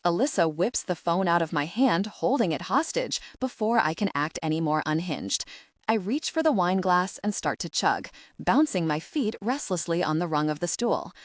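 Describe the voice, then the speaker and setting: A woman narrates a first-person romance audiobook with a wry, expressive delivery. Her voice is fairly low but moves in lively swings of pitch. The sound is dry and close, with no room echo. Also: moderate pace.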